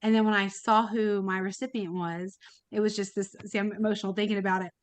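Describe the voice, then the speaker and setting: A woman's voice: medium pitch, little pitch movement, fast, no room sound. A woman guest on a podcast, telling a personal story in a chatty, emotional way with many fillers and restarts. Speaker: podcast guest, kidney donor. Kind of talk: casual storytelling.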